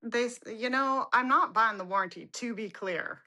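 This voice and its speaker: A woman's voice: a little high, moderate pace, sharp tone, slight background noise. A woman co-hosting a casual podcast chat, telling stories with animation and acting out the people in them. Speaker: podcast co-host.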